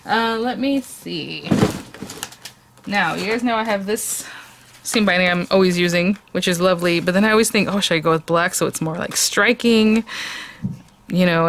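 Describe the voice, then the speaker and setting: Chatty woman crafting, thinking aloud. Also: on the low side. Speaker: craft video host. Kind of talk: casual crafting tutorial.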